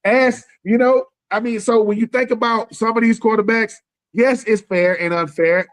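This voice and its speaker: Animated high-voiced man riffing on sports. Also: normal speed. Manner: animated, slangy, acts out other people's lines. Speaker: podcast co-host. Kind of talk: casual sports talk. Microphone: live stream call.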